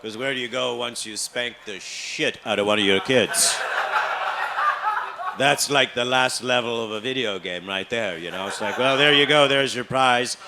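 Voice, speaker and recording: A man doing stand-up comedy in a club, telling deadpan stories about his family and chatting with the crowd. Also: on the low side, moderate pace, vocal fry, very noisy. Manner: deadpan storytelling, loud put-on voices for family.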